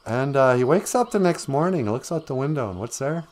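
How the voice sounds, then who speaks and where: With an animated, brisk delivery and a darkish mid-range voice, a live-stream host plays a fairy tale for laughs. He keeps wandering off the story into jokes as he tells it casually.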